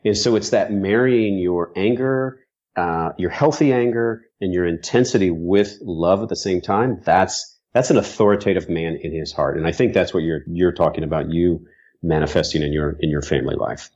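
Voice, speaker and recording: Deep-voiced frank male co-host. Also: normal speed, a little mellow, muffled recording. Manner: earnest, frank, swears for emphasis. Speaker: guest co-host, author. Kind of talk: casual podcast conversation.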